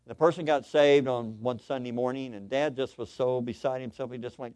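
Male pastor, sermon, excitable storytelling, repeats himself, medium pitch, dry close sound. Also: a little fast, no room sound. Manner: animated, excitable preaching with frequent repetition.

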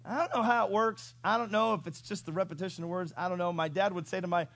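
A male pastor preaching a sermon in an animated storytelling way, chuckling and asking the congregation questions. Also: high-pitched, fast talker, gravelly, no room sound.

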